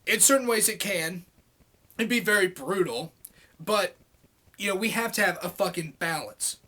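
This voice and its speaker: A man's voice: high-pitched, animated, normal speed, sharp tone, rough recording. A man ranting angrily at a commenter, sarcastic and exasperated, swearing often. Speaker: vlogger. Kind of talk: angry rant reading out comments.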